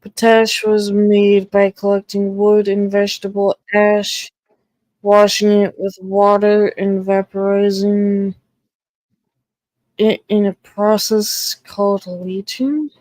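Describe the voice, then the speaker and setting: A woman reviewing a podcast episode in a loose, chatty way, cursing freely as she thinks aloud. She speaks slowly in a mellow, flat tone. The recording is dry and close. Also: medium pitch, dry recording, poor audio. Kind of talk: casual commentary.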